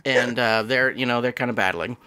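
Bright-voiced man recapping a film. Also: mid-range voice, clear, resonant tone. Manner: animated retelling, acts out characters in quick voices. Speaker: podcast co-host. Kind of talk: casual movie review chat.

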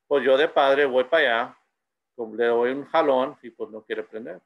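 A man's voice: medium pitch, brisk, creaky, lo-fi sound. A middle-aged man giving a bilingual presentation and telling anecdotes. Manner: switches between Spanish and English, tells anecdotes. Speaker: school presenter.

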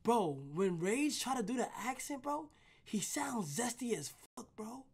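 A young man on a livestream talking to his chat, loud, excitable and full of slang. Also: very high-pitched, unhurried.

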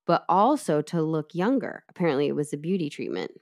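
A woman with a notably low voice retells a criminal trial step by step for her co-host. She is chatty and easygoing, with plenty of asides. The delivery is casual storytelling rather than a read script. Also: expressive, a little fast, darkish tone. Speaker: podcast co-host telling the case. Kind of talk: casual true-crime storytelling.

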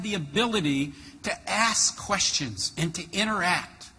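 A man's voice: high-pitched, measured pace, hardly any pauses, slight background noise. A man in his fifties telling a story on stage as a motivational speaker, acting out the dialogue. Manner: animated, acts out dialogue with many voices. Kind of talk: keynote storytelling. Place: large conference hall. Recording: reverberant hall with faint ambience.

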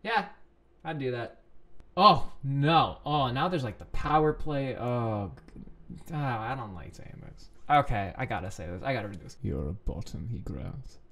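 A man reading an online story aloud and reacting with loud, exasperated outbursts. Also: mid-range voice, normal speed.

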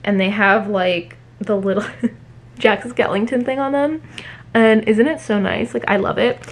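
A woman's voice: medium pitch, a little slow. Chatty woman vlogging a haul. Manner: chatty, fillers every few words. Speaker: book vlogger. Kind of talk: casual haul vlog chat. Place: home.

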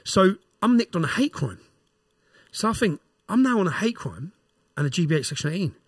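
A man's voice: sits high, sing-song, fairly quick, breathy edge, no echo, clean studio sound. A middle-aged man with an English accent, a podcast guest telling a story in an emphatic way that keeps checking in with "yeah?". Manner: emphatic, fires "yeah?" tags at the listener. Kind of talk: storytelling and ranting.

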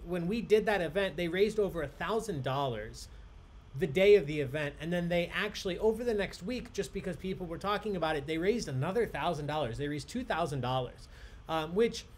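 A man's voice: fairly high pitch, expressive, a little fast. A man hosting a live online trivia game, chatty and upbeat, reading each question twice with emphasis. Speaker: trivia host.

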